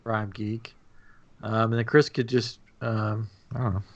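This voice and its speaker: A man's voice: lowish voice, level tone, moderate pace, muffled recording. A man co-hosting a podcast, telling a story in casual chat and laughing often. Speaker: podcast co-host.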